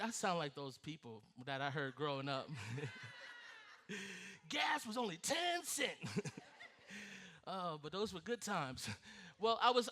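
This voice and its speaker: A man preaching with a strikingly high, bright voice. He tells his stories in an animated way, laughing and acting out the scenes as he goes. The delivery has a forceful edge that carries. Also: a little hiss or hum. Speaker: pastor. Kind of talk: sermon.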